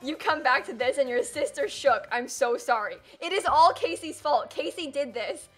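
A woman's voice: high-pitched, moderate pace, faint music behind. A young woman streaming live and chatting casually, who keeps dissolving into giggles and helpless laughter.

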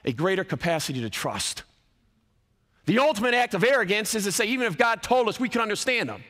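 A man's voice: high-pitched, sing-song, fast talker, bright, forceful tone. A man in his fifties preaching an emphatic chapel sermon, swinging his voice up and down for effect. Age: 50s. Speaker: college athletic director and speaker. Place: large college chapel. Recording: long hall reverb.

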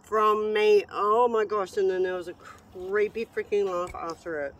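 A woman paranormal investigator outdoors in a cemetery, slowly calling out the words she hears in a sensory deprivation session, often exclaiming in surprise. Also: mid-range voice. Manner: slow, halting, exclaims in surprise.

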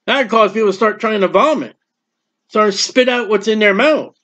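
An American man preaches a sermon in a folksy, storytelling style, acting out the quotes in his tales. His voice is high and a little bright, and he talks fairly quickly. The recording is dull and lo-fi.

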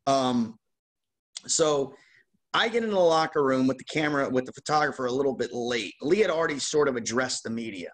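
A man hosting a card-opening show, telling a lively casual anecdote with laughs. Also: medium pitch, fairly quick. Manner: animated, laughing anecdote teller. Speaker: host opening baseball card packs. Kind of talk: casual storytelling.

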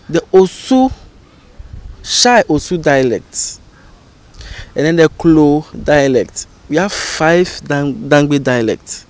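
Man explaining dialects slowly. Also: a little high, no echo. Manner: explains slowly, repeating example phrases. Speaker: language educator and channel host. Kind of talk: informal spoken lesson.

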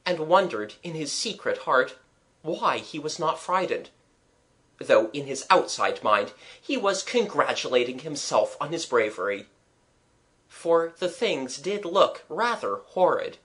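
A narrator reading a children's audiobook in an expressive storytelling manner. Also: mid-range voice, a little slow.

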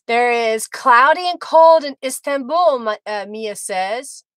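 A chatty middle-aged woman hosts a live craft demo, laughing often between remarks. Her voice sits high and bright. The sound is close and dry. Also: animated, slow pace, no room sound, low-quality recording. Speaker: craft livestream host.

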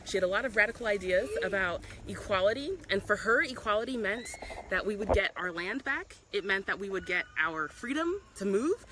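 A South African woman with an expressive, mid-range voice talks briskly and passionately on a casual outdoor live stream in a public spot. She ums and restarts frequently, and background noise can be heard.

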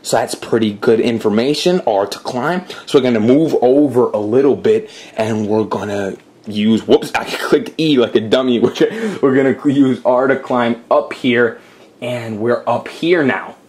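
A man's voice: medium pitch, a little slow, a little mellow. Chatty man narrating a game walkthrough. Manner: chatty, addresses viewers, apologetic asides. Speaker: gameplay host. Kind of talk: casual game walkthrough commentary.

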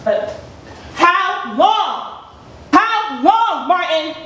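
A woman's voice: mid-range voice, animated, normal speed, distant mic, natural voice. A woman voicing a betrayed wife who confronts her husband in a sarcastic, relentless way. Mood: confronting. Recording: echoey room, faint noise.

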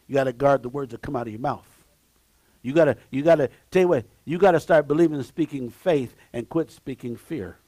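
A man preaching a sermon as pastor, emphatic and swinging between shouts and low asides, repeating key phrases and exclaiming praise. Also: a little fast, dry recording. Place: church sanctuary.

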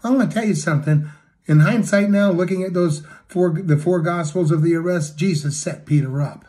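A man preaching a sermon, retelling a story with acted quotes and swinging between loud and hushed delivery. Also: high voice, moderate pace.

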